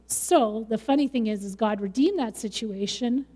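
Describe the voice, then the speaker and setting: A woman's voice: on the high side, normal speed, warm tone, big-room sound. A middle-aged woman pastor preaching a sermon in a conversational way, with light laughs.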